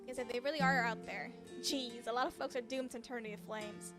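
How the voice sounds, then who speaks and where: A woman's voice: on the high side, steady tone, brisk, close to an everyday voice. A woman voicing an upbeat young cryptid hunter and vlogger, talking in a chatty, earnest way over game music.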